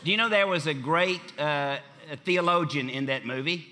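A man with a bright, slightly high voice preaches to his congregation in a church. He is emphatic, hammering on repeated phrases, then dropping to a hushed tone before building again. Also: moderate pace. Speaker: pastor. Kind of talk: sermon. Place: church sanctuary.

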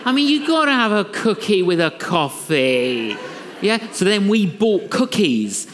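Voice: mid-range voice, measured pace, a little hiss or hum. A preacher, telling a story from the pulpit and acting out the dialogue with laughter. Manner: animated, acts out dialogue with laughter. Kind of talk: storytelling sermon. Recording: long reverb of a large hall.

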